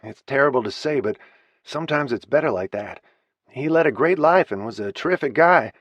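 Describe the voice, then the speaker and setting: A male audiobook reader voicing a steady male paramedic who speaks gently and consolingly. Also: mid-range voice, a little fast, no echo, pitched above the performer's own voice. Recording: slightly muffled dry recording.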